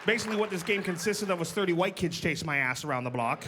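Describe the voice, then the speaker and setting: A man's voice: high voice, expressive, fast talker, over loud music, over a noisy crowd. Upbeat man doing stand-up on stage. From Canada. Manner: punchy, playful delivery with voiced impressions. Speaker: stand-up comedian. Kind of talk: stand-up comedy set. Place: comedy club stage with live audience. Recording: live club recording with audience laughter.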